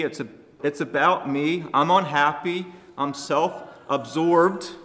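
A man with a slightly high voice preaches a sermon to his congregation, speaking emphatically and varying his loudness for emphasis. His voice trails off with a long reverb tail.

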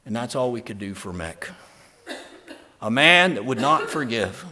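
A man preaching an emphatic sermon and telling a personal story, moving between soft earnest talk and loud, stressed lines. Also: medium pitch, expressive, unhurried. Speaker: pastor.

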